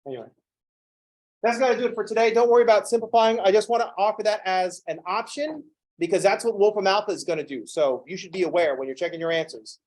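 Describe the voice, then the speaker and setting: Male math lecturer, slightly high voice, sarcastic and jokey, acts out students. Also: fast talker, a little mellow, rough recording. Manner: joking, sarcastic asides. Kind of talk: recorded classroom lecture.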